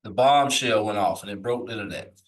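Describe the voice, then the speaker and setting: A man teaching a live lesson, reading old texts slowly aloud and then explaining them in loose, searching asides. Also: fairly low pitch, distant mic, rough recording. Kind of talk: live recorded scripture lesson.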